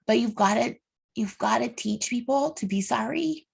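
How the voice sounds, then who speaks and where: A woman's voice: on the high side, moderate pace, vocal fry, slightly rough. A woman in her thirties hosting a solo podcast, talking earnestly and heartfelt with faith-based encouragement aimed straight at her listeners. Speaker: podcast host. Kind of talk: solo motivational podcast monologue.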